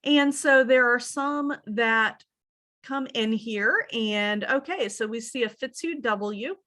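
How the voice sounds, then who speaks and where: Slow, bright and forceful, this woman's voice sits on the high side. She is a genealogy instructor from the central Shenandoah Valley in Virginia, giving a chatty, hesitant, informal lesson in which she spells each name letter by letter.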